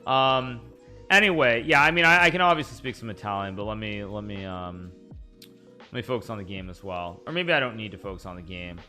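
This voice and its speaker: A man's voice: on the low side, brisk, bright, forceful tone, soft background music. A man live-streaming a chess game, thinking aloud about his moves and chatting with viewers in a rambling way. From United States.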